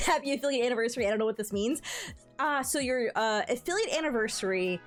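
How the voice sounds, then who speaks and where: A woman's voice: expressive, quick pace, faint music behind. A woman streamer chatting casually from her home setup, cooing at her cats and chatting cheerfully with viewers. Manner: coos at her cats in a high playful voice. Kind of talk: casual livestream chat.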